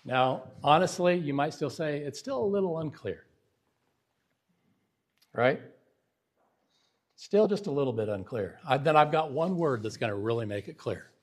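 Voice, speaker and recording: A man's voice: on the high side, expressive, moderate pace, long pauses. A male preacher giving a Bible lesson in sermon style, emphatic and often asking the audience rhetorical questions. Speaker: preacher teaching Bible syntax.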